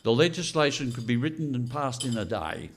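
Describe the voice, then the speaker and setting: Older aussie bloke speaking at an event, blunt and animated, keeps asking questions. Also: male voice, mid-range voice, brisk, gravelly, slight background noise. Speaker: speaker at a political launch event. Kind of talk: unscripted speech to an audience.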